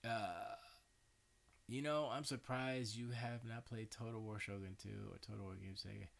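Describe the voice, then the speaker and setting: A tired man runs a livestream from his home studio, his fairly low, creaky voice fairly even in intonation and moderate in pace, with background noise behind it. His talk is loose and slangy, drifting between thoughts, self-correcting, and full of fillers.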